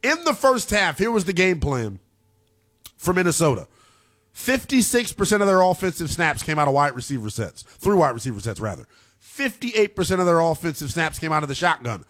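A man hosting a late-night sports talk radio show, breaking down football stats in a lively, analytical way. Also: a little high, fairly quick. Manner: animated, analytical, talks through stats.

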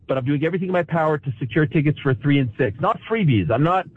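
A man's voice: fairly high pitch, lively intonation, fast talker, husky. Emotional man on a tinny phone line. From Montreal, Canada. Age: 30s. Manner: emotional, self-described pessimistic, restarts words often. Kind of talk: casual chat.

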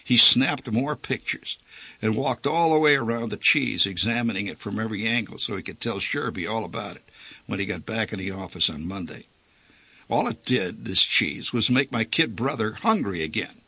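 Husky, wry male storyteller. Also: fairly low pitch, no room sound. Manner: wry, deadpan asides. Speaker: narrator. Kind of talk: first-person storytelling reading.

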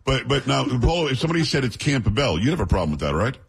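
A man's voice: mid-range voice, quick pace, vocal fry, husky. A middle-aged man hosting a radio talk show, telling stories and acting out the people in them. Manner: animated storyteller, does voices in anecdotes.

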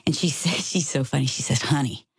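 A middle-aged woman telling a personal story in casual conversation, expressive and acting out the voices of the people in it. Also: deep voice, brisk, slightly rough, dry recording.

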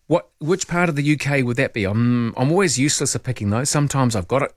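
New radio host, dry studio sound. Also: male voice, medium pitch, quick pace, few pauses, no echo. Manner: relaxed, musing, reads out listener texts. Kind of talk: late-night talkback radio chat. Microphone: studio microphone.

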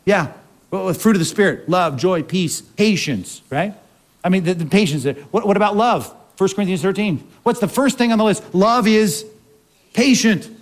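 Male pastor, high voice, preaching a sermon, chatty, keeps asking the crowd questions. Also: moderate pace. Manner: conversational preaching with frequent rhetorical questions.

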